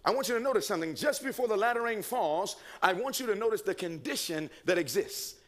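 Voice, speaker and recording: A man's voice: sits high, animated, quick pace, a bit bright. A man preaching a sermon, asking the congregation questions, answering them himself and reading quotations aloud.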